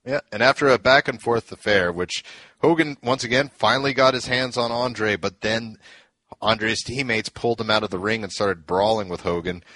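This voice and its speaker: A man's voice: fairly low pitch, moderate pace, bright, forceful tone, dry recording. A man co-hosting a casual podcast, eagerly recounting old events and laughing often. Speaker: podcast co-host. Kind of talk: casual storytelling chat.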